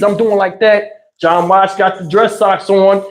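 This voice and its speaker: A man's voice: high-pitched, steady tone, normal speed, reverberant, poor audio. A man telling a comic family story on a livestream, slangy and profane. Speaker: livestream host.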